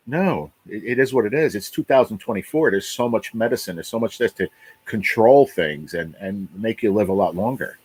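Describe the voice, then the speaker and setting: A man's voice: lowish voice, lively intonation, normal speed, a little mellow, husky, no echo, low-quality recording. A man in his late forties, hosting a casual livestream, talking bluntly, swearing a lot and repeating himself. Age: 40s. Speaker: livestream host.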